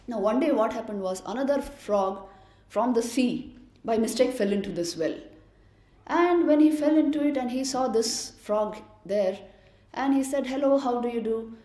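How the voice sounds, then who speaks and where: A woman's voice: fairly high pitch, a little mellow. A woman giving an emphatic spiritual lecture as a monastic speaker. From India. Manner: emphatic storytelling. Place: large lecture hall. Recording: echoey lecture hall.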